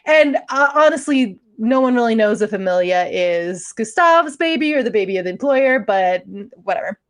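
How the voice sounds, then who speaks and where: A woman's voice: fairly high pitch, expressive, moderate pace, no room sound, studio quality. A woman co-hosting a podcast, telling a true crime story in casual chat, chatty and often breaking into laughter. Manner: giggly, chatty, trails into laughs. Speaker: podcast co-host.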